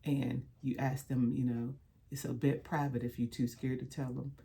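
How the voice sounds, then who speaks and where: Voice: medium pitch, flat delivery, moderate pace, gravelly, mellow, breathy edge. A speaker with a mid-range voice talks straight to the camera about hard experience. The delivery is earnest and plainly colloquial. It builds through repeated phrases in a preacher-like rhythm. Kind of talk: heartfelt direct-to-camera talk.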